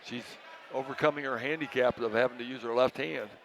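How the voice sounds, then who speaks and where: A man doing play-by-play commentary for a high school basketball game, calling plays in short, brisk bursts. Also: fairly even intonation, vocal fry, fairly bright tone, a little hiss or hum. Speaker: play-by-play announcer.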